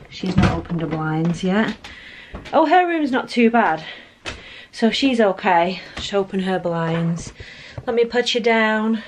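A woman's voice: mid-range voice, animated, unhurried, a little hiss or hum. Chatty mum touring her messy house. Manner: chatty, rambling, self-deprecating. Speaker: vlogger. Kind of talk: casual home vlog chat. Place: family home, indoors.

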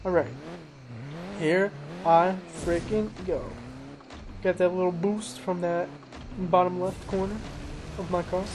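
Man, casual gameplay commentary, excitable, self-mocking, faint engine hum behind. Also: high-pitched, takes it slowly, pauses often. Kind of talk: casual let's-play commentary. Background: engine noise and crashes from the game.

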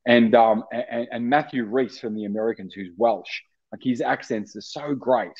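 An Australian actor in casual interview chat, rambling with many restarts and fillers. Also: male voice, medium pitch, normal speed, darkish tone, breathy edge, highs cut off. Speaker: actor guest.

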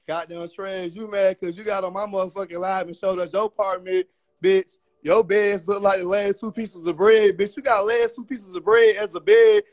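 High-voiced brash livestream host man. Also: fairly even intonation, normal speed, no room sound. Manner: brash, profane trash talk. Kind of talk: insult battle on a live stream.

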